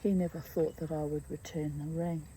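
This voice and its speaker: Middle-aged woman telling her own story, low dark voice, slow and halting, bit of faint hiss behind. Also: level tone, rough recording. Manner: reflective, halting, with frequent asides. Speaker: memoir author reading her own chapter. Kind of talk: personal storytelling read aloud.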